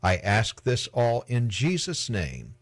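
A man leading a closing prayer slowly and solemnly. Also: medium pitch, wildly swooping pitch.

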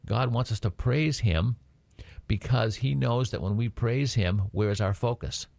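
A man's voice: mid-range voice, a little slow, vocal fry, darkish tone, dry recording. A man giving a conversational Bible lesson, often checking in with his listeners by asking "right?". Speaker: Bible teacher.

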